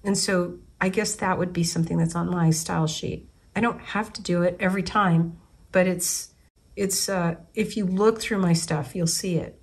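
A woman's voice: fairly low pitch, steady tone, normal speed, husky. A woman in her forties, an artist from the United States, thinking aloud in a casual, rambling way, often restarting her sentences. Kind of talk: casual spoken reflection.

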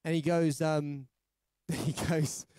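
A man's voice: a little high, steady tone, slow pace, warm tone, no echo, clean studio sound. A man with a London accent hosting a casual livestream, chatting and telling stories in a rambling, jokey way with lots of restarts. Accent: London English. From London, England. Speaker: singer-songwriter livestream host. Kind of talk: casual livestream chat and storytelling.

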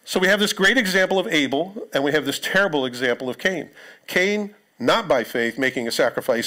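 Pastor preaching in church, kinda high voice, chatty and jokey with the crowd. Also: male voice, animated, brisk, bright, forceful tone. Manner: conversational, joking asides to the congregation. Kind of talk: sermon. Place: church sanctuary.

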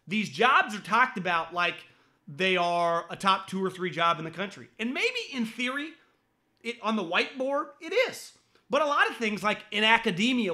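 Blunt, high-voiced sports talk man. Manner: blunt, profane, stammering restarts; mocks critics in a high shouting voice. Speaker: podcast host.

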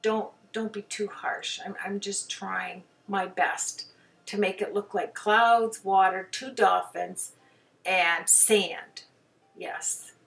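A woman talks through her own painting in a loose, rambling way, full of "you know"s and little jokes at her own expense. Her pitch sits in an ordinary middle range. The mic sits a little away from her, so she sounds slightly removed. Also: steady tone, slow, gravelly, a bit bright, distant mic, soft background music. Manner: chatty, rambling, self-deprecating, many fillers. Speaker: hobby painter. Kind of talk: casual voice-over about her own painting.

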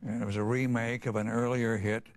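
A man hosting an interview, asking relaxed prompting questions. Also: medium pitch, brisk, dry recording. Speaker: interview host.

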